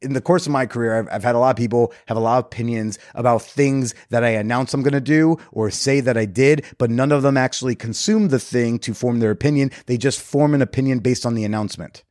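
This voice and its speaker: A man in the middle of his pitch range talks candidly and casually as a podcast host, swearing freely while reflecting on himself. The recording is dry, with no room sound around his voice. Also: quick pace, few pauses, a little mellow, no echo. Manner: candid, profane, self-reflective. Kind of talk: casual storytelling.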